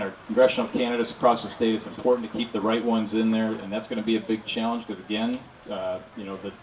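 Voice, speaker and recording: Fast-talking man at an outdoor rally. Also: fairly low pitch, slight background noise. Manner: rapid, conversational, repeats "again". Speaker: politician speaker. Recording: distant, dull lo-fi outdoor recording.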